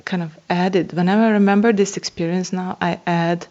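Low-voiced woman telling an awed story. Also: fairly even intonation, a little fast, darkish tone. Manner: earnest, awed, with laughs and hesitations. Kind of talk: personal spiritual story. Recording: dull lo-fi sound.

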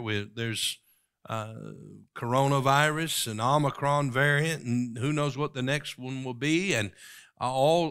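A man's voice: medium pitch, sharp tone, clean tone. A man preaching a sermon as a pastor, reciting King James scripture with impassioned, soaring rises.

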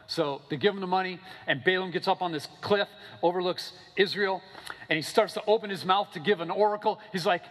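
A man preaching a sermon in a casual, animated storytelling way, often checking in with "okay?" and "right?". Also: fast talker. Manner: animated storytelling, acting out characters with big pitch swings. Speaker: pastor. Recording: long hall reverb.

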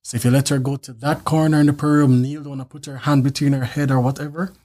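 A man casually sharing a faith testimony about his marriage, acting out quotes as an animated storyteller. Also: medium pitch, quick pace. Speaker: husband telling their story.

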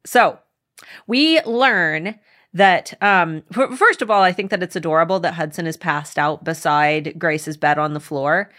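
Woman, podcast co-host, casual chat, blunt and lively, a little low-pitched. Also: a little slow.

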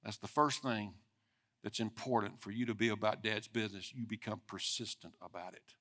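A man's voice: lowish voice, a little fast. Man preaching a conversational sermon. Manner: conversational preaching, speeding up and swelling in loudness for emphasis. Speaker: pastor.

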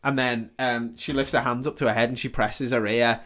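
A man's voice: medium pitch, steady tone, a little fast, sharp tone. Laughing, swearing man recapping a film. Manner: swearing, laughing, retelling scenes. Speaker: podcast co-host. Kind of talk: casual film recap chat.

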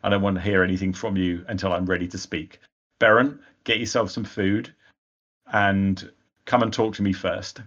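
A man voicing a stern old male wizard who speaks very quietly and slowly. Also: fairly low pitch, animated, muffled recording. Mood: stern calm. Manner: very quiet and slow.

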